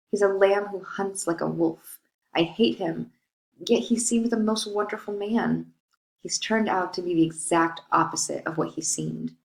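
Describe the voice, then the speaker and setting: A woman's voice: lowish voice, natural voice. A woman reading the part of a grieving young bride in a plain, lightly dramatic way. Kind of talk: reading a modern-English play paraphrase. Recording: roomy echo.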